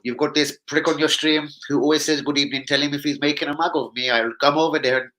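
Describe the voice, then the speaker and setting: A man's voice: on the high side, fairly even intonation, sharp tone, voice pushed up, poor audio. A man putting on the voice of an angry football manager who is making threats. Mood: annoyed. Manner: threatening, halting.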